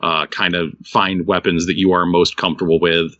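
Deep, forceful male co-host, casual and rambling, stuck with hiccups; dull close-miked sound. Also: flat delivery, normal speed. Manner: rambling, many restarts and fillers. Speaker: podcast co-host reviewing games. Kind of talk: casual chat.

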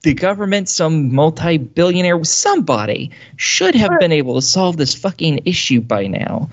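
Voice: medium pitch, big pitch swings, moderate pace. A person on a casual podcast talking in an exasperated way with plenty of swearing, recorded with dull lo-fi sound.

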